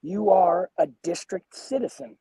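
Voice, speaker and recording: A man's voice: sits high, lively intonation, measured pace, mellow, slightly rough, no room sound, low-quality recording. A man joining a casual chat with rambling, philosophical remarks. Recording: crowd noise behind.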